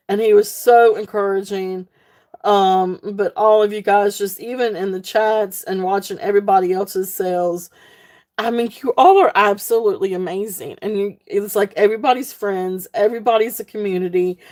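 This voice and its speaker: A woman hosts a live online sale from her home. She chats casually and at length with her viewers, full of fillers and warm thanks. Her voice is mellow and soft-edged, pitched in the middle range. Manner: rambling and heartfelt, many fillers, laughs often. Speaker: online jewelry seller hosting a live sale.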